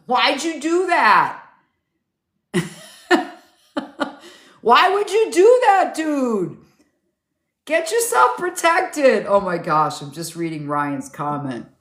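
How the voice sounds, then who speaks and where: A woman's voice: mid-range voice, fairly bright tone, roomy sound. A middle-aged woman chatting casually with viewers on a live stream, rambling and laughing easily. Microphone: phone.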